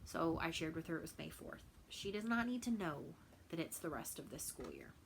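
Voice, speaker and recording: A woman's voice: deep voice, sing-song, brisk, slight background noise, low-quality recording. A woman from Texas in a casual home vlog, chatting and rambling with many fillers and repeated words. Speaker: cross stitch vlogger. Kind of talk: casual chat.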